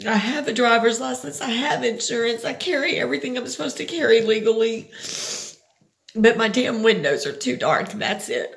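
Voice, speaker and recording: Woman vlogger, fed up and rambling, slightly high voice with some fry. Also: roomy sound. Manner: frustrated, rambling, swears. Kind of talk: venting personal vlog.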